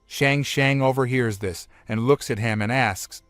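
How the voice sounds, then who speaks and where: A man's voice: mid-range voice, normal speed, hardly any pauses, no room sound, studio quality, soft background music. A man steadily retelling a comic story as a scripted recap narrator, in plain, simple phrasing.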